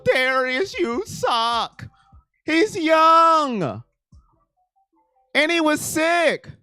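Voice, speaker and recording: A man hosting a casual live sports stream, reading chat comments and ranting with excitement, sometimes shouting and then dropping to a mumble. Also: very high voice, no echo.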